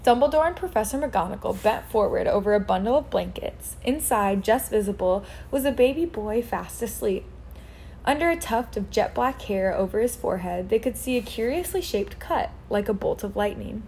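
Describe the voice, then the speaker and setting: A woman reading a children's novel aloud in a relaxed way, laughing at her own slips. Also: medium pitch, normal speed, slight background noise. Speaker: reader.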